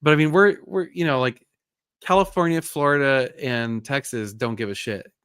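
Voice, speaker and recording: A man hosting a casual live chat, telling a story with lively bursts and frustrated sighs. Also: medium pitch, moderate pace, smooth, dry recording, studio quality. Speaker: host.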